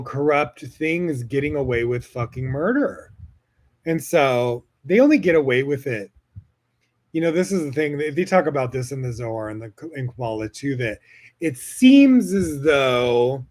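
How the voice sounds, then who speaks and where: A man hosting a solo podcast, talking in a casual, rambling way with lots of fillers and swearing. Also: fairly high pitch. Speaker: podcast host.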